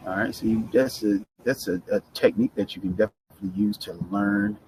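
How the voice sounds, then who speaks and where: A middle-aged man with a fairly low voice gives a casual Spanish pronunciation lesson, sliding easily between Spanish and English. He keeps checking in with the learner as he goes. A faint room ambience sits under his voice. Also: steady tone, a little fast, darkish tone, slight background noise, low-quality recording. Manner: chatty, mixes Spanish and English, frequent "right?" check-ins. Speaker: Spanish teacher.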